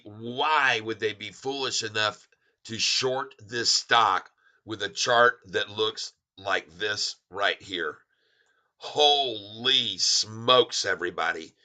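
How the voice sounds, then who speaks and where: A man hosting a casual livestream about stocks. He talks in an excitable, rambling way, with loud exclamations and restarts. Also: mid-range voice. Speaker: stock market vlogger and songwriter.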